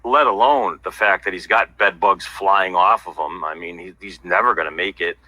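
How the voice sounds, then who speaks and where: A man's voice: deep voice, normal speed, bright, forceful tone, low-quality recording. A man talking bluntly and at length as an interview guest, passing on inside gossip in casual livestream chat. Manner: blunt, rambling insider talk.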